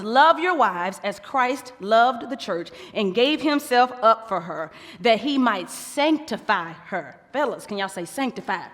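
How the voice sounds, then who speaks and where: A woman's voice: a little high, a bit bright. Playful woman preaching in a hall. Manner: playful, acts out quoted couples. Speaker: pastor's wife preaching. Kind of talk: sermon. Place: large church hall. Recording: long church hall reverb.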